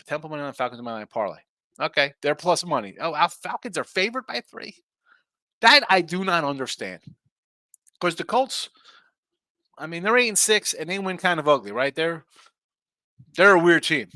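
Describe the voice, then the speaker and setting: A man hosts a live sports betting stream with a bright, forward voice in a dry, close recording. He chats quickly and casually. He reads viewer comments aloud between his own picks. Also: on the high side, no room sound. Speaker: sports betting show host.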